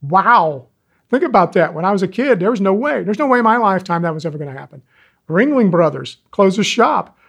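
A man in his sixties, an animal rescuer telling stories in an interview, animated and folksy. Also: high voice, a little fast, creaky. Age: 60s. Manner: animated, folksy storyteller, acts out quoted callers. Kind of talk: interview talk, storytelling.

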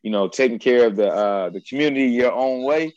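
A man's voice: medium pitch, brisk, darkish tone, no room sound, highs cut off. A man from the United States chatting casually in streetwise slang, swearing freely. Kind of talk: casual conversation.

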